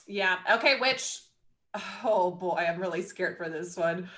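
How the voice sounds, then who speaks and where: A woman's voice: lowish voice, a little slow, bright, forceful tone. A woman hosting a casual video-call chat, playful and drawn out like a game-show announcer. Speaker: host.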